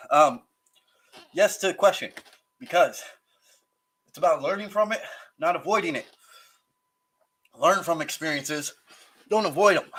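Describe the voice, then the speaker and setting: This host eats hot sauces during a relaxed livestream, his mouth burning and eyes teary, and he lets out gasps, sighs and groans between slow comments. His voice is fairly high and fairly bright, with a breathy edge.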